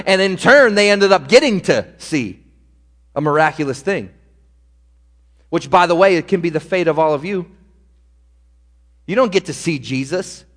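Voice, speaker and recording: Speaking as a pastor, a man with a somewhat high, fairly bright voice delivers a sermon to his congregation. His manner is earnest and direct, and a long reverb from the hall trails his words.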